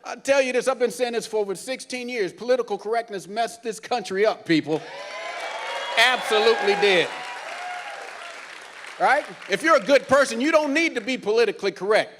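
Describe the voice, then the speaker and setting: Man, cruise director, stand-up comedy, teasing crowd banter, high voice, faint background noise. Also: a little fast. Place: cruise ship theater.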